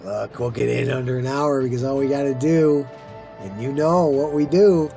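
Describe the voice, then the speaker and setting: Middle-aged male let's-play host, mid-pitched, rambling casual commentary, faint music behind. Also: normal speed, gravelly. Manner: rambling, chatty, talks to himself while playing.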